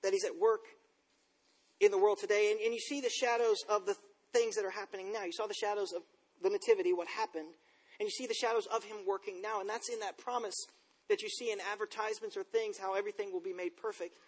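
High-pitched guy pastor chatting through a sermon, easygoing, lots of reverb in a big hall. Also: steady tone, quick pace. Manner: conversational, self-deprecating storytelling. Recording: long reverb in a large room.

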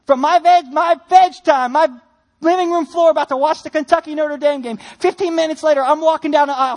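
A young man preaching a sermon, telling a personal story in an animated, self-deprecating way. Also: very high-pitched, fast talker. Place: church sanctuary.

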